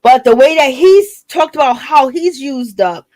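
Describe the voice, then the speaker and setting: A woman's voice: high-pitched, unhurried, darkish tone, dry recording. Sassy woman dishing reality TV gossip. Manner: sassy, conversational, calls listeners girl and baby. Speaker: reality TV recap commentator. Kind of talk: casual gossip commentary.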